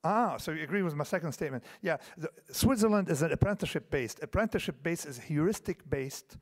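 This man in his fifties is a keynote speaker with a voice on the high side, animated and quick. His lecture is digressive and full of restarts, with frequent "okay?" checks directed at the audience. The recording, made in a large conference hall, has long reverb.

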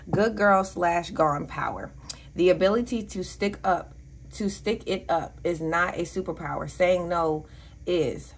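A woman's voice: on the low side, breathy edge. A woman with a Southern US accent giving a casual tarot reading, blunt and profane, with preachy asides. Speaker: tarot reader.

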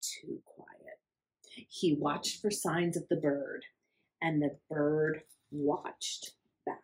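A woman reading a picture book aloud to children at library storytime, pausing to ask the young listeners hushed questions. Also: deep voice, fairly even intonation, low-quality recording.

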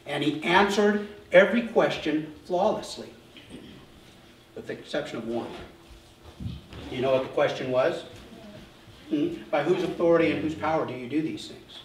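A man preaching a sermon as pastor, telling the story with animated asides and acted-out voices. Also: on the high side, moderate pace, pauses often, reverberant, distant mic, slight background noise, rough recording. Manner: animated storytelling, acts out voices of crowds and leaders. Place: church.

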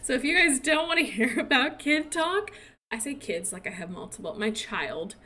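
A woman's voice: sits high, expressive, normal speed, bright, forceful tone. A young woman in her twenties chatting casually while she plays, rambling about her son and laughing often. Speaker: gaming streamer and mother. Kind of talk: casual chat while playing.

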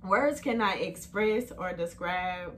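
A woman's voice: on the low side, expressive, slow pace, fairly bright tone, a little hiss or hum. A woman vlogging at home in a casual, chatty way, talking straight to her viewers on a phone camera.

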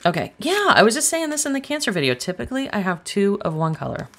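A woman's voice: mid-range voice, very animated, fast talker, noisy background. A woman giving a casual tarot reading, chatty and blunt, swearing freely as she talks straight to viewers. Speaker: tarot reader.

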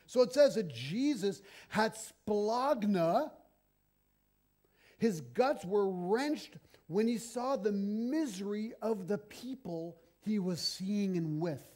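A middle-aged man preaching a sermon, telling stories in an animated, conversational way. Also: sits high, slow.

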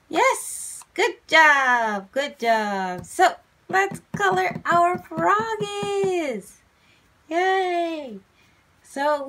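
Slow sing-song woman teaching kids. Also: high-pitched, sharp tone, slight background noise. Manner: slow, sing-song, encouraging teacher talk to small children. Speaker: children's English teacher. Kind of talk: kids' English lesson, sing-along and coloring.

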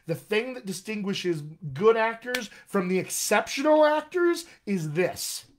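A man coaching actors on accents in a live online session, enthusiastic and encouraging, talking straight to his viewers. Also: sits high. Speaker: dialect coach. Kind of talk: live-streamed coaching talk. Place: home room, live video stream.

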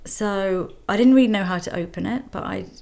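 Animated woman telling a story. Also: medium pitch, brisk, vocal fry. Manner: animated, breathless retelling with laughs. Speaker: makeup artist vlogger. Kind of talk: excited storytelling to camera.

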